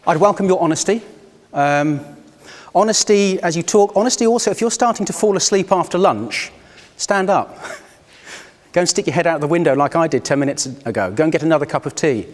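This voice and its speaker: Male facilitator, fairly high voice, reflective and inviting, recorded in an echoey conference room. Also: animated, fairly quick. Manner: reflective, inviting, personal storytelling. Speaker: workshop facilitator. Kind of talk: live workshop talk to a group. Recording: long hall reverb.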